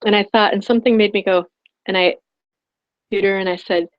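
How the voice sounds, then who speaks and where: A woman's voice: medium pitch, fairly even intonation, a little fast, muffled recording. A woman coach telling a personal story in an online class, rambling and heartfelt with many restarts. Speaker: spiritual prosperity coach.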